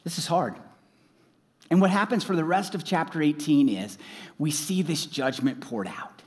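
A man preaching a sermon as a pastor, animated and swinging up into loud, emphatic exclamations. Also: a little high, moderate pace, big-room sound.

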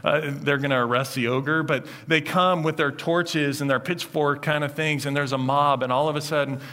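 A man preaching a sermon, retelling a scene in an animated storytelling manner. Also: on the high side, moderate pace. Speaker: pastor.

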